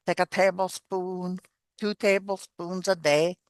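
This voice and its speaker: An older woman, an elder, gently teaching and telling stories in an unhurried way, repeating her phrases. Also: lowish voice, flat delivery, no echo. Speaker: elder and storyteller. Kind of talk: spoken teaching and storytelling.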